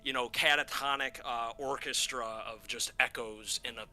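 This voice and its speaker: A man running a tabletop game as game master, narrating with many halting pauses and fillers. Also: medium pitch, steady tone, pushed and bright, soft background music.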